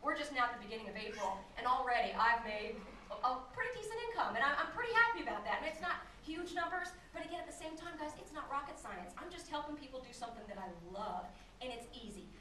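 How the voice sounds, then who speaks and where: A woman with a high, bright voice gives an excited testimonial from a stage. She is heard from some distance in an echoey hall. A faint noise sits under her voice. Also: fast. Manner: excitable, animated, laughing. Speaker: coach sharing a success story on stage. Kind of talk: enthusiastic testimonial speech. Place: large hall at an event.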